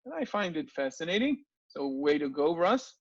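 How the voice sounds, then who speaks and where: Lively high-voiced man lecturing. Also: normal speed, no room sound, highs cut off. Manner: lively, asks rhetorical questions, frequent restarts. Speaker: language lecturer. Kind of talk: online class lecture.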